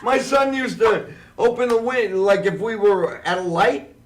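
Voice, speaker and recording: Male talk-show host, high and lively, chatty, heard a little off-mic. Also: far from the mic. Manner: loose and chatty, quick to laugh. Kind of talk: casual chat.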